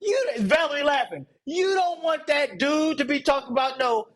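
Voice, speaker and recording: A man's voice: moderate pace, low-quality recording. A man coaching a live group in a casual, rambling way, joking and chuckling as he talks. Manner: animated, rises high when mocking. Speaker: sales coach leading a training program.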